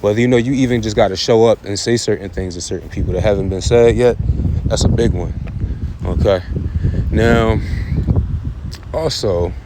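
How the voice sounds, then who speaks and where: A man's voice: fairly low pitch, normal speed, long pauses, very noisy. A man giving a casual astrology forecast outdoors while on the move, rambling loosely and repeating himself with lots of fillers. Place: outdoors in an urban area, walking.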